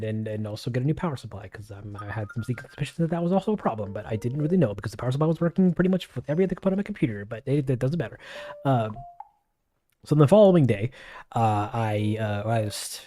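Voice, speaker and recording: A man's voice: lowish voice, fast, mellow. A man on his own livestream, telling a rambling story in a casual way, full of restarts and acted-out quotes.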